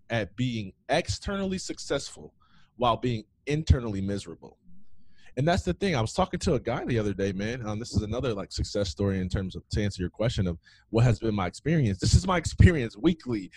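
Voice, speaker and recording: A man's voice: medium pitch, darkish tone, breathy edge. A man in his thirties, a former athlete, telling his story in a casual interview with many "man" and "um" fillers. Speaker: guest, former athlete and founder.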